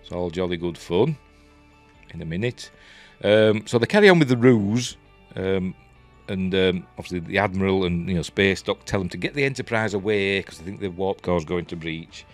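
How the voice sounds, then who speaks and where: A man's voice: low voice, normal speed, soft background music. A man with a Yorkshire accent reviewing a TV episode in a casual, rambling way, full of fillers and restarts. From Yorkshire, England.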